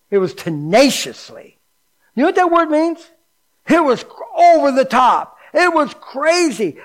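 A middle-aged man preaching as a pastor, animated and folksy, dropping to a hushed low voice for emphasis. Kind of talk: sermon.

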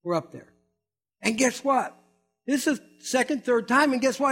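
A man's voice: very high voice, expressive, moderate pace, a bit bright, soft background music. A man preaching a conversational sermon as a pastor, acting out quoted voices and building to emphatic peaks.

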